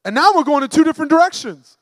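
High-voiced man preaching a sermon. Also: animated, very fast, fairly bright tone, no echo. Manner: emphatic, conversational preaching with rhetorical questions.

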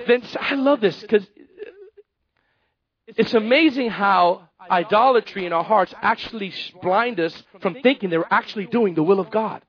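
High-voiced preacher, muffled recording. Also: male voice, normal speed. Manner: animated, acts out Bible characters, repeats phrases. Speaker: pastor. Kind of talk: sermon.

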